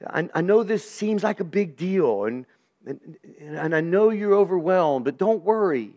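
A man preaching voices God as a gentle, coaxing comforter reassuring a frightened child, repeating soothing phrases in a sermon. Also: high voice, lively intonation, unhurried. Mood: tender reassurance.

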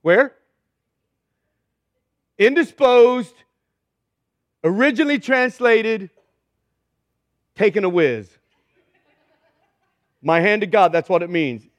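A man's voice: very high voice, sing-song, slow, long pauses, no echo. A man preaching a humorous, conversational sermon as pastor, joking and emphatic.

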